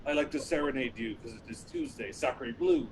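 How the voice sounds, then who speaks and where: A man playing a flirtatious Frenchman in an improv scene, with a put-on French accent and a halting, hammy delivery full of uhs. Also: on the high side, wildly swooping pitch, gravelly, slight background noise, exaggerated voice, rough recording. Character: flirtatious suave Frenchman, middle-aged man. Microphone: video call.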